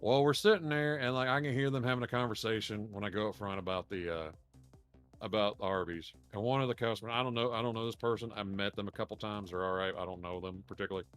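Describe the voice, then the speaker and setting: A man's voice: lowish voice, quick pace, fairly bright tone, clean tone, soft background music. Rambling man telling stories. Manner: rambling, profane, laughs while telling stories. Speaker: podcast co-host. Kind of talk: casual storytelling chat.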